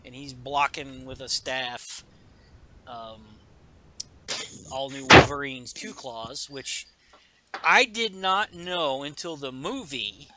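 A man casually recapping a comic book on a podcast, animated and jumping into character lines. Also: medium pitch, slow, long pauses, noisy background. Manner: animated, acts out character lines in raised voices. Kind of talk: casual chat.

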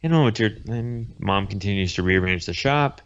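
A man casually retelling a comic story, narrating in a low murmur and reading the dialogue quickly. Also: animated, smooth, lo-fi sound. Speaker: podcast co-host retelling a comic.

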